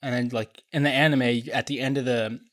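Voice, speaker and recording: A man's voice: mid-range voice, fairly even intonation, a little fast, a bit bright, no echo, clean studio sound. Rambling young man with a sleepy voice. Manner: rambling, loose with fillers and swearing. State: just woke up. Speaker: video reviewer. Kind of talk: casual review vlog.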